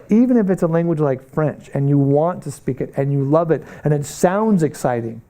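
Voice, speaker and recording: In a Bible college missions class, a middle-aged man lectures with a warm, mid-range voice. He preaches earnestly, tossing out rhetorical questions and surging into moments of urgency.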